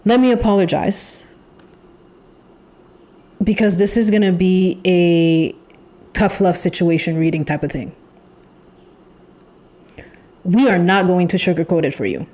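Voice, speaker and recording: A woman giving a channeled tarot reading, talking in an emphatic, repetitive way with pauses and sighs. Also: lowish voice, a little mellow. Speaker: tarot reader.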